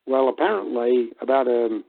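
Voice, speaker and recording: A man's voice: medium pitch, normal speed, creaky. Chuckling man telling a story over the phone. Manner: animated retelling with chuckles and acted-out quotes. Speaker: caller. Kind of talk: casual storytelling on a call-in show. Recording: tinny phone line.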